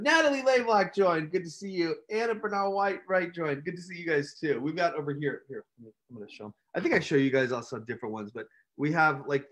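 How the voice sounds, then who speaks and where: A man hosting a casual live stream, telling a lively story. His voice sits a little high for a man. He acts out reactions with sudden shouts. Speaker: host.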